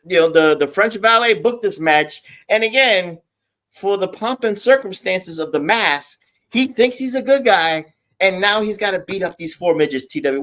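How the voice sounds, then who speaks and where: A man hosting a casual podcast chat, punching his points hard and prodding his co-host with questions. His voice is bright and sharp and sits somewhat high. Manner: lively, emphatic, quizzing his co-host.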